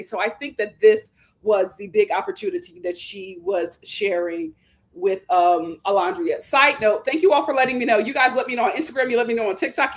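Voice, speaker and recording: A young adult woman hosting a solo commentary on a reality show, talking in an animated, indignant way and breaking into laughter. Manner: animated, indignant, laughs and jumps up in pitch when quoting herself. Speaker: commentary channel host.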